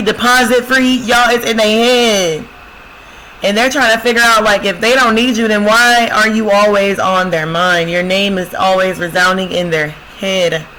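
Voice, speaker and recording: Woman host of spiritual love readings, bright and forceful, chatty and repetitive, speaks directly to viewers. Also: medium pitch, slight background noise, poor audio. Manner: talks straight to viewers, repeating "y'all" and "I'm telling you"; reads song lyrics aloud, then interprets them. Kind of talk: casual prophetic love reading.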